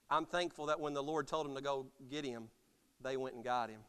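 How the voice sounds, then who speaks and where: A man's voice: fairly high pitch, brisk, clean tone. Fiery preaching man in a reverberant church. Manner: impassioned preaching, rising to loud cries then dropping soft. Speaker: pastor. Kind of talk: sermon. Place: church sanctuary.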